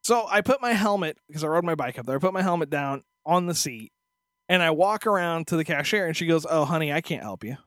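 Podcast guy griping about his day, cussing a lot, talks fast, dead dry room. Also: a little high, lively intonation, fairly bright tone, no echo. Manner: profane, exasperated storytelling. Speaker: podcast co-host. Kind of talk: casual ranting chat.

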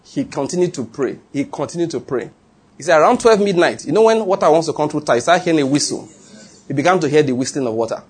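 A man with a Nigerian accent, preaching a sermon and telling stories, animated and laughing, with call-and-response. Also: fairly high pitch, fast, slightly rough. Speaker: pastor. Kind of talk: sermon with storytelling.

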